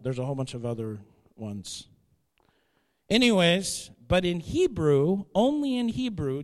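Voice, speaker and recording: A man preaching a sermon as pastor, swinging between loud declarations and quiet asides. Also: on the high side, long reverb tail.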